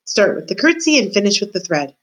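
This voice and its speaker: A woman voicing a simple rustic girl servant who dreams of being a princess, hard of hearing and quick to shout. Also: medium pitch, big pitch swings, poor audio. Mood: eager. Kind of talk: storybook reading.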